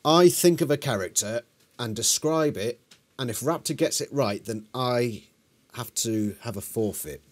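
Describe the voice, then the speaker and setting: A man's voice: medium pitch, lively intonation, measured pace. A man hosting a casual watch-along chat, wry and laughing as he explains the game's rules. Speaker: host of a watch-along show. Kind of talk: casual chat reacting to a TV episode.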